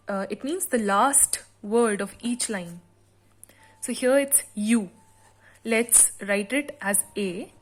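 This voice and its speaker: A woman teacher explaining a sonnet's meter and rhyme scheme in a slow classroom lesson, with frequent pauses and fillers. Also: on the high side. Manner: reads the poem aloud slowly with extra stress. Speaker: literature teacher.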